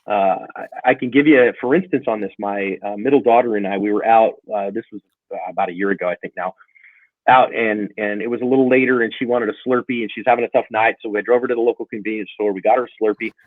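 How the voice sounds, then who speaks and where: Speaking fast in a lowish voice, a middle-aged man recounts stories in a casual interview for a self-defense channel, animatedly performing the dialogue. The audio is tinny like a phone line and completely dry, with no room sound.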